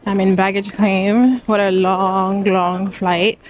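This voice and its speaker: A woman chatting casually to the camera on a travel vlog, excited and laughing often. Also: medium pitch, slow, slight background noise. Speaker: travel vlogger. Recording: music playing over the voice.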